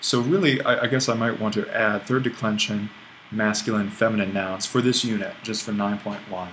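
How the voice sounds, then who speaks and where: A man's voice: lowish voice, steady tone, normal speed, fairly bright tone, slight background noise, rough recording. A man teaching a recorded online language lesson, explaining at an easy pace with restarts and small self-corrections. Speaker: Greek language instructor.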